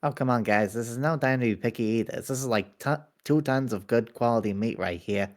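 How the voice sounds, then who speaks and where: A man's voice: medium pitch, a little fast, lightly acted. A man playing a stubborn, easygoing adventurer who eats anything and defends it in a casual way. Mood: coaxing.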